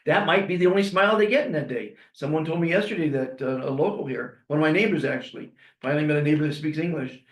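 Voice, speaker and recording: A man's voice: a little high, fast, roomy sound. A man hosting a podcast, talking in an upbeat, rambling way and reading out inspirational quotes. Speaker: podcast host. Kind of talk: podcast monologue.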